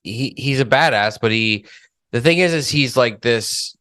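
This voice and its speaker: A man co-hosting a casual film discussion, relaxed and a little hesitant as he talks. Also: mid-range voice, unhurried, dry recording. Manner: relaxed, hesitant, many fillers. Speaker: podcast co-host.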